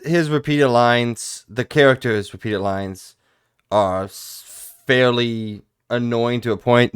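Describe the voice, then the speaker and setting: Smooth-voiced young man, blunt and sweary. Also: mid-range voice, fairly bright tone, dry recording, studio quality. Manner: blunt, swears a lot, mock-angry rants. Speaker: podcast co-host. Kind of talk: casual game review chat.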